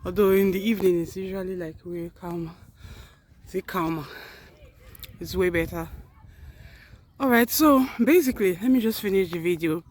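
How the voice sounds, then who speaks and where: A woman's voice: on the low side, normal speed, long pauses, a little mellow. A woman vlogging while walking outdoors, a little out of breath, chatting earnestly and correcting herself as she goes. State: slightly out of breath. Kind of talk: casual walking vlog.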